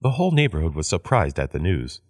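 A man with a very low voice reads each practice sentence in turn. His delivery is measured, with a wide, expressive pitch swing. The sound is close and dry. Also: no room sound. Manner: measured, repeats each sentence after the woman. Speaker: English phrase reader. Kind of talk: read-aloud of practice sentences.

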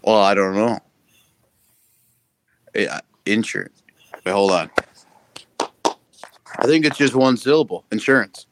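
A man's voice: fairly low pitch, lively intonation, slow, pauses often, background noise. A man co-hosting a podcast, joking around and teasing his friends, swearing freely. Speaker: podcast co-host. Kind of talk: casual chat.

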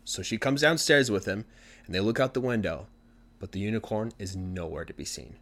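A man retelling a story for language learners in an animated, conversational way. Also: on the low side, brisk.

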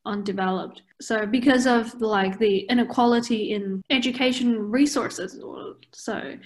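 A woman's voice: on the high side, measured pace. A woman chatting casually as a co-host, laughing often and filling her talk with "like". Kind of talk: casual chat.

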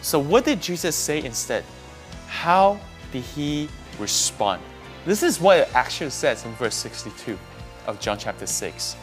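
A man's voice: on the high side, very animated, unhurried. A man preaching a sermon, emphatic, pushing up on key words and often restarting his phrases. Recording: faint music behind.

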